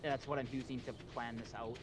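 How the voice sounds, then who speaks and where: A man chats over a game stream at a middling pitch, patiently telling his friends where to go and what to buy. He leans on "uh" between instructions. Behind him there is a steady hiss of noise and the tap of keyboard typing. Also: fast. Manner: directive, patient, gives step-by-step instructions with "uh" fillers. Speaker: streamer leading the farm. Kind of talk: casual game-stream chat.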